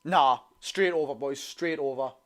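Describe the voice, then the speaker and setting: A young man with a Geordie accent giving excitable, partisan live commentary on a football match for his viewers. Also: mid-range voice, a little slow. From North East England. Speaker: football fan streamer.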